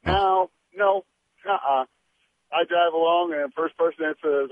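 A man's voice: on the high side, normal speed, a little hiss or hum. A man calling into a radio show, telling an amused travel story. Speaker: caller. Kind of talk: phone-in storytelling. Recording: gravelly voice over tinny phone line.

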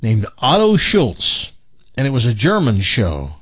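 A man's voice: medium pitch, wildly swooping pitch, a little slow, breathy edge, dry recording. A male radio talk show host, telling rambling, chuckling stories. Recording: dull broadcast audio.

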